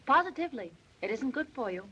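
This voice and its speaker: A woman's voice: sits high, sing-song, fast talker, pushed and bright, slight background noise, heavily acted. An actress playing an earnest, caring young woman clerk in a 1930s film. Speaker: new employee in a film. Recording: dull old 1930s film soundtrack.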